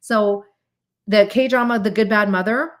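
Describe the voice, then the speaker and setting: A woman hosting a casual livestream talk and chatting to her audience, animated, with frequent laughs and asides. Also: measured pace. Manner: animated, acts out quoted voices with big pitch jumps. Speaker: host.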